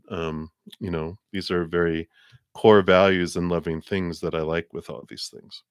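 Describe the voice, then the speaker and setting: A man's voice: low voice, fairly even intonation, moderate pace, clean tone, no room sound, clean studio sound. A middle-aged man giving a live tarot reading to a viewer, musing aloud with frequent chuckles and repeated words as he searches for the right ones. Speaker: tarot card reader.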